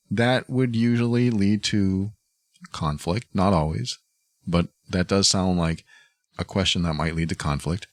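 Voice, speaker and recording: A man hosting a podcast, giving calm, thoughtful relationship advice and acting out short example phrases. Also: sits low, measured pace, no room sound, studio quality. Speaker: podcast host. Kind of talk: reflective advice talk.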